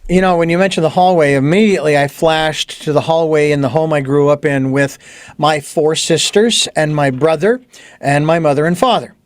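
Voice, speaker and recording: Male podcast host, high voice, dry close sound, deliberate delivery. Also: no room sound. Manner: slow, deliberate questions, with short back-channel replies. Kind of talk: podcast interview.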